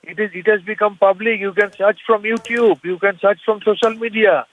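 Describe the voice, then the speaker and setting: A man's voice: sits high, steady tone, brisk, a little hiss or hum. A man with an Indian accent, a party spokesperson arguing insistently in a news debate, repeating his points. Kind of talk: heated phone-in debate. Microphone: phone line. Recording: tinny dry phone line.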